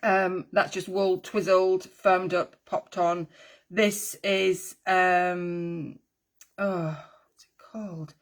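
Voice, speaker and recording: A woman's voice: lowish voice, little pitch movement, extremely slow. A woman teaching a craft tutorial in a chatty, friendly way, with rambling asides and frequent ums. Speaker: needle felting teacher.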